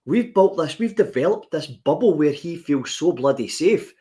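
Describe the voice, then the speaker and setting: A man's voice: a little high, animated, moderate pace, dark tone. A man with a Scottish accent, co-hosting a podcast and ranting with passion in casual chat. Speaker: podcast co-host.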